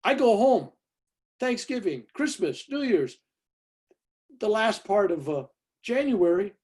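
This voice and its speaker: A Californian man in his 70s, appearing as a guest speaker, tells an audience a personal story in a chatty way, tagging lines with "right?" and "you know". His high-pitched voice swings widely in pitch, moving slowly with a darkish, slightly rough tone.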